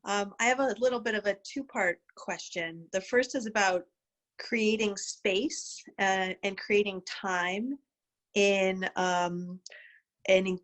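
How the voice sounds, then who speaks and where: A woman's voice: medium pitch, steady tone, slow pace, fairly bright tone. A woman physician asking a question on a video call, hesitant and full of ums as she thinks aloud.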